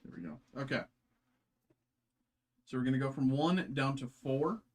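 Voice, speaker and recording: A man's voice: mid-range voice, moderate pace. Rambling man hosting a card break. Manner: self-deprecating, rambling with many fillers and restarts. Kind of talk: live card-opening stream chat.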